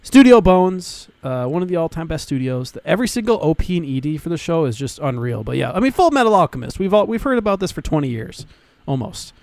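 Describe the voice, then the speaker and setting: A young man co-hosting a podcast in casual chat, talking excitedly, swearing often and restarting his sentences. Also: fairly high pitch, quick pace, creaky, hardly any pauses, no room sound. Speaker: podcast co-host.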